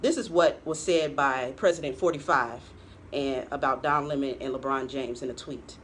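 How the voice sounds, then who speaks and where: A woman's voice: rumbling low, steady tone, normal speed, slight background noise. A woman co-hosting a political talk show, giving pointed commentary and laughing often. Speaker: co-host.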